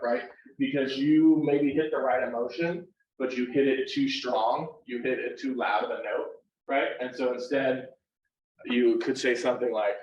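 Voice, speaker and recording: A man's voice: mid-range voice, steady tone, measured pace. Counselor guy teaching a workshop, chatty, keeps saying right?, sounds far off and dull, echoey room. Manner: conversational, often ends points with "right?". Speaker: university counselor leading a workshop. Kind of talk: live workshop lecture. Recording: roomy, distant and dull live room recording.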